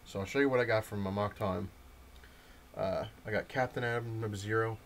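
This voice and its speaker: A man's voice: fairly low pitch, steady tone, brisk, a little hiss or hum. A man casually rambling to camera about a comic shop visit and his new comics, with lots of fillers and restarts. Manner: rambling, loose storytelling with many fillers and restarts. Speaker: comic book collector showing his purchases. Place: at home, indoors.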